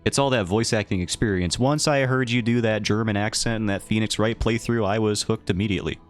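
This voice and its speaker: Male streamer, very low voice, loose rambling banter with chat, faint music under it. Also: fairly quick. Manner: rambling, playful and self-mocking. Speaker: livestreamer. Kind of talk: casual chat with a live chat.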